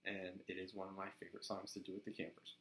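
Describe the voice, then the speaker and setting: A man casually sharing voice acting tips in a relaxed, chatty way. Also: low-pitched, fast talker, reverberant, poor audio. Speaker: voice actor giving tips. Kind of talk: casual instructional vlog.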